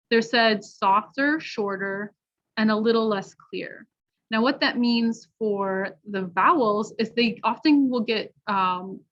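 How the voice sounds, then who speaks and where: An American woman teaching an online pronunciation workshop, encouraging and explaining clearly with examples. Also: mid-range voice, a bit bright. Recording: dull lo-fi video call audio.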